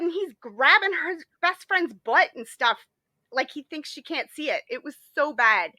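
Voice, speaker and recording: Woman podcast co-host, high bright voice, lively casual storyteller, dry close sound. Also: normal speed, no echo. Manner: lively storytelling, frequent fillers. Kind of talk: casual chat.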